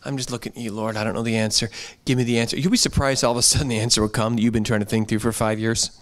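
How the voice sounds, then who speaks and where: A man's voice: mid-range voice, level tone, racing. A pastor giving an earnest, conversational sermon in a church, often repeating his phrases.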